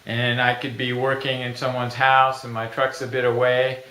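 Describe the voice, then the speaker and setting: A middle-aged man pitching his own invention in a plain, folksy way, acting out little everyday scenes. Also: completely flat delivery, moderate pace, bright, forceful tone. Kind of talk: product pitch video. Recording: echoey room.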